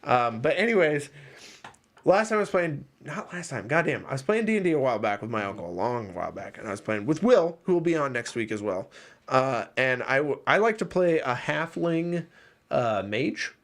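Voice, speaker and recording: Young male podcast host, lively pitch, rambling storyteller who laughs and swears a lot. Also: normal speed. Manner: rambling, animated, laughs often, acts out voices, swears. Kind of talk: casual storytelling chat.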